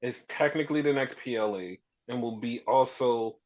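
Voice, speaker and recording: A man co-hosting a podcast, casually recapping wrestling and acting out quotes with big leaps in his voice. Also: normal speed. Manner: animated storytelling, heavy swearing, acts out quotes with big pitch jumps. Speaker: podcast co-host. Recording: dull lo-fi sound.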